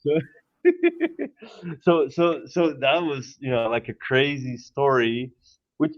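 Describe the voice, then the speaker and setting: Polish-accented man, podcast guest, animated storytelling, dull lo-fi sound. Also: medium pitch, unhurried. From Poland. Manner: animated, repeats words, laughs often. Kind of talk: casual storytelling.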